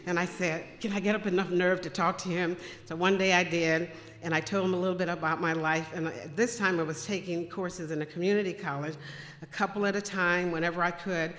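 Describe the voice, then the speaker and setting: A woman speaking to a congregation, telling personal faith stories and acting out the dialogue with big jumps in voice. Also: a little fast. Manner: animated, acts out quoted dialogue with big pitch jumps. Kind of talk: testimony storytelling to a congregation. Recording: echoey hall with long reverb.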